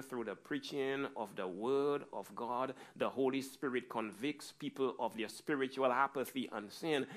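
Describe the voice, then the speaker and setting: A man preaching a verse-by-verse sermon as pastor, moving between low, quiet passages and loud, raised preaching.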